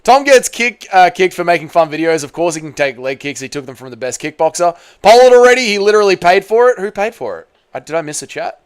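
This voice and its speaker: Swearing Australian streamer chatting. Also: male voice, on the high side, expressive, brisk, few pauses. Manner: swears casually, talks to his chat. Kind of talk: casual livestream reaction chat.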